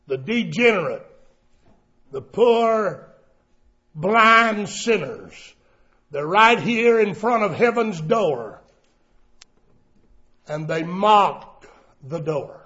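A male pastor preaching a sermon, emphatic and drawn out, with the Bible quotes shouted. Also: high voice, expressive, extremely slow, pauses often, highs cut off.

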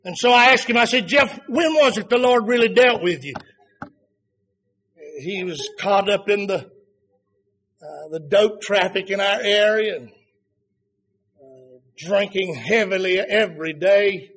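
A man preaching a sermon, rising to fervent shouts and then dropping to quiet, low passages. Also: a little slow, long pauses.

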